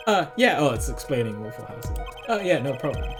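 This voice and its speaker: A woman's voice: very deep voice, big pitch swings, fairly quick, over music. A woman streaming a game, chatting casually with playful asides. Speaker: gaming streamer. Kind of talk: casual live-stream commentary.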